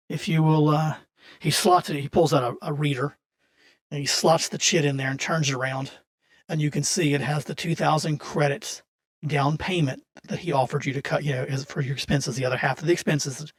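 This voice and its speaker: A man's voice: a little high, fairly even intonation, brisk. Man, casual game master, narrating a tabletop session with a slightly raised voice and easy self-corrections.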